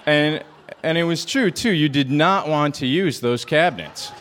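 A man telling a comic story at a storytelling show, earnest and hesitant, with a halting delivery. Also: a little high, animated, a bit bright. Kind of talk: deadpan comic monologue. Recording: hall reverb, faint noise.

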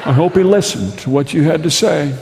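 A man's voice: on the high side, expressive, a little fast, a little mellow, pitched above the performer's own voice, low-quality recording. A man voicing a fussy, churchgoing mother in a told story, with a sweet, fussing manner.

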